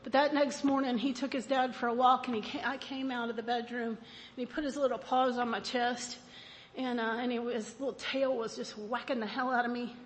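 A woman speaking at a recovery meeting who tells a personal story in an animated, self-mocking way and laughs often. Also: fairly high pitch, brisk, in a large hall, a little hiss or hum.

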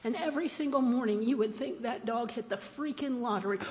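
A woman speaking at a recovery meeting who tells a personal story in an animated, self-mocking way and laughs often. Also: on the high side, fairly quick, few pauses, long reverb tail.

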